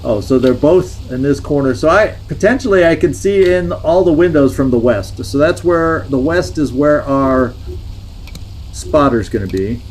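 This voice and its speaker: A man's voice: fairly high pitch, lively intonation, normal speed, darkish tone, a little hiss or hum. A man streaming a strategy game, thinking aloud in a hesitant, musing way as he plans each move. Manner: musing, hesitant, talks himself through plans. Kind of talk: thinking-aloud gameplay commentary.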